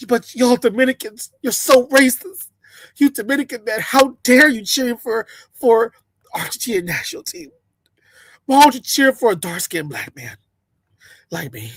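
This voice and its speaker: A man's voice: very high voice, expressive, normal speed, pushed and bright, no echo. A man ranting sarcastically to camera, mocking and repeating himself in bursts. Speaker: commentator.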